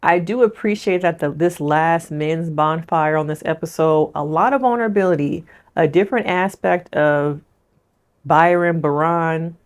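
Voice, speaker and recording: Chatty woman therapist recapping TV. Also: sits low. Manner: chatty, addresses viewers directly. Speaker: licensed therapist. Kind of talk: casual reality-show recap commentary.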